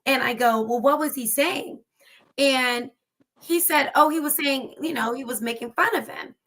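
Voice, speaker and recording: Brief: woman co-host, fairly high bright voice, animated storytelling in a casual chat. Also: moderate pace. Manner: animated storyteller, acts out dialogue.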